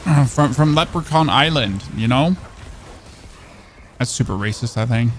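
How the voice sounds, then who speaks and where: A man's voice: medium pitch, animated, a little slow, a little hiss or hum. A man from Germany with a German accent, chatting casually as he streams a game, rambling and joking and often restarting his sentences. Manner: chatty, rambling, jokey, repeats and self-corrects. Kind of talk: casual gameplay commentary.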